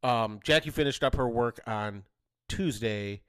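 A man in his thirties, a podcast co-host, telling a story in casual chat and jumping into high voices to quote his kids. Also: unhurried, clear, resonant tone, no echo. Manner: animated, jumps to high voices when quoting his kids.

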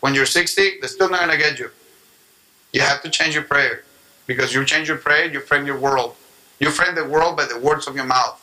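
A man's voice: on the high side, moderate pace, rough recording. A man preaching a sermon, acting out prayers and mimicking people as he teaches. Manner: animated preaching with acted-out prayer voices and tongues. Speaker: pastor.

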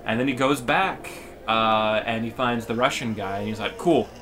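A man's voice: fairly low pitch, normal speed, music in the background. A man telling a rambling, comedic story on a podcast, full of fillers and restarts. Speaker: podcast co-host.

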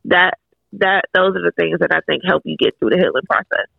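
A woman's voice: lowish voice, lively intonation, a little fast, creaky, crowd noise. A woman speaking as a guest author in a casual podcast chat, frank and candid, swearing casually as she talks. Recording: tinny phone-like line, dry.

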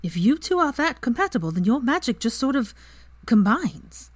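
A woman voicing a gentle, awed young witch. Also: on the high side, big pitch swings, normal speed, dry recording, pitched above the performer's own voice.

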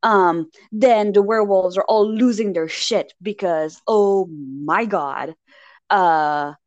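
A woman chatting casually, recapping a film with exasperated, animated storytelling and mocking voices. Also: medium pitch, normal speed, no room sound, lo-fi sound. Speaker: podcast co-host recapping a film. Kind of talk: casual chat.

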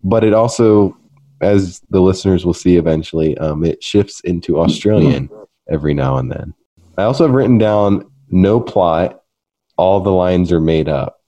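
Young guy hosting a podcast, low and mellow, keeps cracking jokes and laughing. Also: normal speed. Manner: laughs often, joking and self-mocking. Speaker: podcast host. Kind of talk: casual podcast chat.

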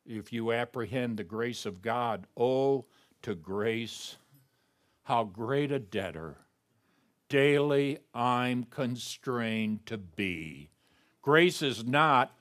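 A man's voice: medium pitch, lively intonation, slow pace, fairly bright tone. A man preaching a sermon as pastor, emphatic and reading scripture aloud.

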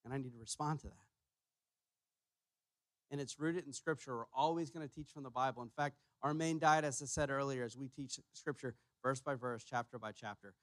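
A man preaching a sermon as pastor, emphatic, repeating his key phrases and pushing louder on each point. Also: mid-range voice, a little fast, no echo. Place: church sanctuary.

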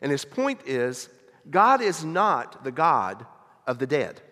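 A man's voice: mid-range voice, sing-song, slow, bright, forceful tone. A man preaching a sermon to his congregation, conversational, with many rhetorical questions. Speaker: pastor. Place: church sanctuary. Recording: long reverb of a church hall.

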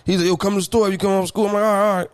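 A man telling stories in a casual chat, animated, with loud high bursts and low mutters, laughing often. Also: very fast. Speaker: podcast co-host.

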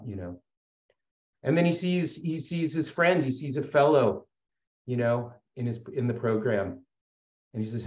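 A man's voice: medium pitch, lively intonation, moderate pace, long pauses, a little mellow, roomy sound, muffled recording. A man sharing his story at a support meeting, earnest and rambling, with many fillers and restarts. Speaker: speaker sharing at a recovery meeting. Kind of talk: personal share at a support meeting.

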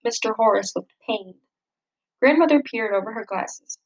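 A woman reading a children's picture book aloud, gently expressive and lifting her voice for the characters' lines. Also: fairly high pitch, moderate pace, low-quality recording. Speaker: storybook reader.

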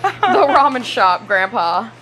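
A woman co-hosting a casual podcast chat about a movie, joking and acting out characters in deeper voices. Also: big pitch swings, slow, a bit bright, slight background noise, rough recording. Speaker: podcast co-host.

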